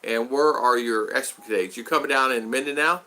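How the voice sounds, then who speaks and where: Bright-voiced man chatting on a livestream. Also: medium pitch, brisk. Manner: chatty, greets viewers by name, tells stories. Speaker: vlogger hosting a livestream. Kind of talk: casual livestream chat. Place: home in the Philippines.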